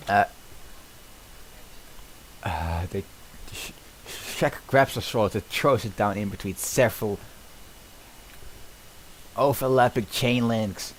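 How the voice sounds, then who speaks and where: A man's voice: fairly low pitch, takes it slowly, long pauses, a little hiss or hum, poor audio. A man streaming as he reads a film script aloud, often stumbling and restarting mid-sentence, with casual asides.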